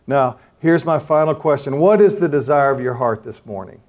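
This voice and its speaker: An older man preaching to a men's gathering and leading fervent prayer, swinging from loud appeals to hushed pleading. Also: medium pitch, normal speed, muffled recording. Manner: impassioned, pleading, swells loud then drops to hushed.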